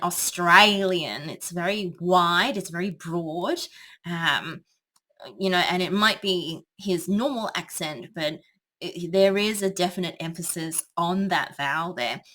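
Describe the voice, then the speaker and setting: Female tutor, lowish voice, unhurried, hesitant analytical explanation. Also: pushed and bright. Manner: thoughtful, hesitant with many ums. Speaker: English tutor.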